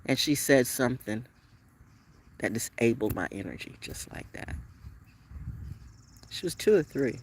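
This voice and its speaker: A woman vlogger telling a story in an unscripted, profanity-laden rant, swinging between loud outbursts and hushed, low talk. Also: animated, unhurried, long pauses, a little hiss or hum.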